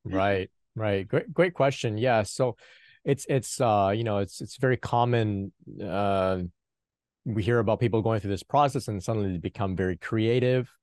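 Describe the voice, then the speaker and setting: A man hosting a spiritual Q&A on a video call, talking gently and reassuringly with many fillers and restarts. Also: lowish voice, normal speed, no echo. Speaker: Kundalini Q&A host. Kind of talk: spiritual teaching chat.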